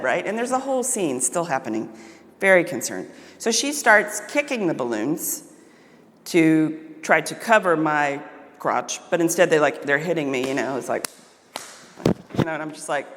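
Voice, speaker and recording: Lively woman telling a backstage story. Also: low voice. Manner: animated, mimics voices and sound effects. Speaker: theater actor. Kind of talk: casual storytelling. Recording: long reverb.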